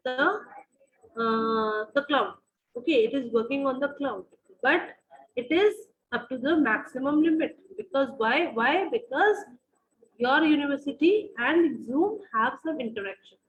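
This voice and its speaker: A woman with an Indian English accent gives an online university lecture in a high voice, filling her sentences with "uh", repeating phrases and quizzing her students. The sound is a bit dull and lo-fi, as from a video call. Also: animated, measured pace. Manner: repeats phrases, many fillers, asks the class questions.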